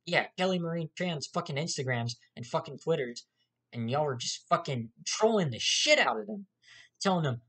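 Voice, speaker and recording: A man's voice: on the high side, lively intonation, moderate pace, a bit bright, slightly rough. A man ranting angrily to camera as a YouTuber, profane, heated and repetitive. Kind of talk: angry rant to camera.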